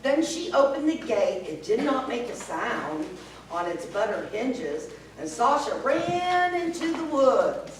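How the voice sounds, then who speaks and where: A woman reading a folk tale aloud in a slow, expressive way, heard from far off in an echoey event hall. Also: a little high, background noise. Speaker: storyteller. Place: event hall at a senior center fair.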